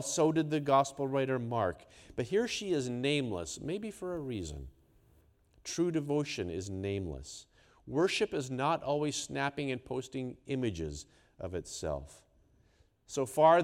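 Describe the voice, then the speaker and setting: A man preaching a sermon, swinging between hushed, quiet lines and loud, emphatic ones. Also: mid-range voice, sing-song, a little slow. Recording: long hall reverb.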